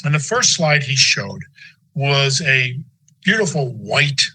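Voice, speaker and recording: A man's voice: mid-range voice, very animated, slow, bright, forceful tone, husky, low-quality recording. A man in his sixties giving a conversational medical lecture with folksy, anecdotal asides. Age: 60s.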